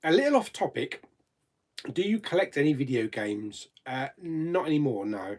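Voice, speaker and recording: A man's voice: a little high, very animated, moderate pace, darkish tone. A man hosting a live chat stream, casually reading out viewer questions and answering them with frequent laughs. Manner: chatty, laughs often, reads viewer comments aloud.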